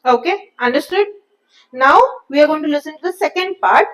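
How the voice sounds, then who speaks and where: A woman's voice: high voice, lively intonation, fairly quick, a bit bright, low-quality recording. A woman with an Indian English accent teaching an online English class, switching often between English and Hindi to explain grammar and pronunciation.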